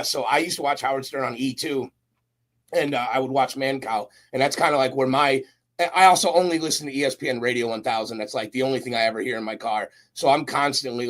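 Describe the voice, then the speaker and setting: A young man, a guest on a podcast, chatting casually with lots of slang and storytelling. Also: medium pitch. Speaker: guest, roofing company recruiter.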